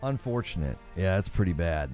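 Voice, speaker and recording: A man's voice: low voice, animated, moderate pace, darkish tone, faint music behind. A man, hosting a gaming livestream, joking with his chat and laughing often. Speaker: gaming channel host.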